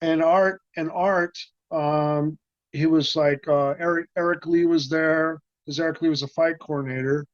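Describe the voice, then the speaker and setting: A man's voice: a little high, measured pace, no echo. A man being interviewed, rambling as he tells stories and acting out the voices of the people in them. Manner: rambling, animated, acts out quoted voices. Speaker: interview guest, martial arts actor. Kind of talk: casual storytelling. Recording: dry, muffled lo-fi sound.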